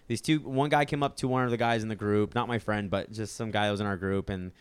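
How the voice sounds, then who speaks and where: Young man, podcast co-host, animated storyteller, smooth clear voice, dry close sound. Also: fairly low pitch, quick pace, dry recording. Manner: animated, acts out other people's lines. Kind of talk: casual storytelling chat.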